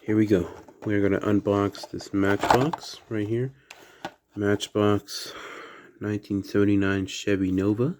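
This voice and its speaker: A man with a slight Southern accent, chatting quietly through a toy unboxing at home late at night, keeping his voice down. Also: fairly low pitch, a little hiss or hum. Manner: soft, hushed indoor voice. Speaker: toy collector vlogger. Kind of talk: casual unboxing chat.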